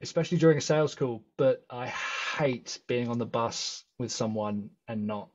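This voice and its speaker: Husky English man, casual guest. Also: mid-range voice, normal speed, a little mellow, lo-fi sound. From England. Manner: laughs easily, self-deprecating asides. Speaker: podcast guest. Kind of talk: casual interview chat.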